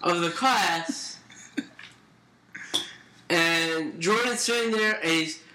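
A young man with a high, very bright voice chats and tells stories in a loose, rambling way, full of fillers. The sound is roomy and echoey, with faint noise underneath. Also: slow pace. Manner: laid-back storytelling with frequent fillers and laughs. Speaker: podcast co-host. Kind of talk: casual chat.

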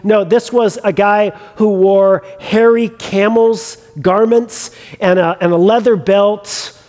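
A preacher doing hesitant nervous royal messengers. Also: male voice, sits high, fairly even intonation, a little mellow. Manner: hesitant, halting. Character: nervous ancient royal messengers reporting to their king. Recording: long reverb of a large hall.

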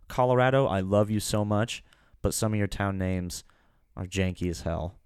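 Young man, podcast host, resonant low voice, jokey and rambling. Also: steady tone, moderate pace, few pauses, a little mellow, smooth, no echo, clean studio sound. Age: young adult. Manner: joking, searches aloud for words. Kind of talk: casual chat.

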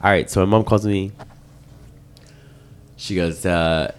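Animated young man telling a story. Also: sits low, unhurried, pauses often. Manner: animated, laughing, profane, mimics his mother. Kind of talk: casual chat, storytelling.

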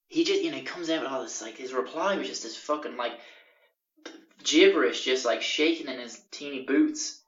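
A young man casually telling a profane, animated anecdote on a podcast. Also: mid-range voice, far from the mic. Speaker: podcast host. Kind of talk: casual storytelling. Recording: roomy, dull lo-fi recording.

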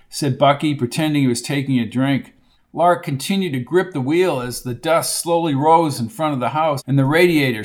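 Man narrating his own audiobook. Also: on the high side.

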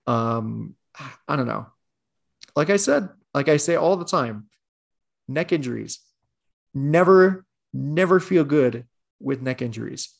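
A man's voice: mid-range voice, creaky. A man with a Long Island accent in a casual sports chat, laid-back and wry.

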